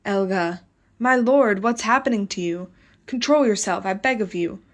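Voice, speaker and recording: A woman reading the lines of a patient husband who gently coaxes his frightened wife. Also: medium pitch, normal speed, close to an everyday voice. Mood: coaxing. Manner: steady, reassuring, coaxing.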